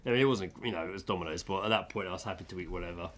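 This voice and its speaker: A man's voice: low-pitched, racing, slight background noise. A man, co-hosting a podcast and telling an anecdote in casual chat, acting out the dialogue. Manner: animated storyteller, acts out dialogue. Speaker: podcast co-host.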